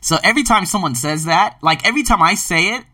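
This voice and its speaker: Male podcast host, emphatic and swearing casually, lively pitch, dry sound. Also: fast, dry recording, far from the mic. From Philadelphia, US. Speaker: podcast host and ESL teacher. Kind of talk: casual monologue.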